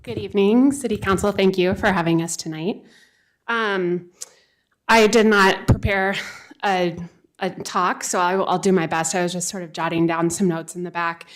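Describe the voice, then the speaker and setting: A woman in her forties giving unprepared public comment at a city council meeting, earnest and halting, with many restarts. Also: lowish voice, fairly even intonation, poor audio. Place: council chamber, speaking at a podium.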